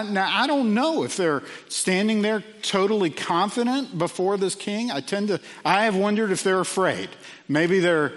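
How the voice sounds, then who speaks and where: A man preaching a sermon earnestly, with frequent fillers and quiet drops for emphasis. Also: fairly high pitch, long reverb tail. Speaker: pastor.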